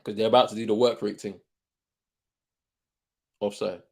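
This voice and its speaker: Young man, watchalong host; slangy, excitable, repeats lines, jumps from shouts to mutters. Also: lowish voice, moderate pace, husky. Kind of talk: live football watchalong commentary.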